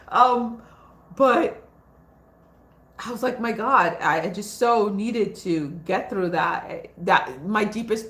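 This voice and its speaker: A woman's voice: medium pitch, a bit bright. A woman hosting a spiritual livestream, talking in a rambling, frank, casual way with lots of fillers. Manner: chatty, frank, laughs easily, many fillers. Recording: echoey room.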